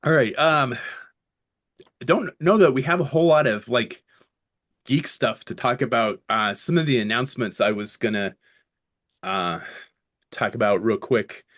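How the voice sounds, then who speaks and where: A man's voice: medium pitch, a little slow, long pauses, fairly bright tone. Middle-aged male co-host, loose rambling chat, casual swearing. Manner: rambling, swears casually, jokes with put-on voices. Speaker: podcast co-host.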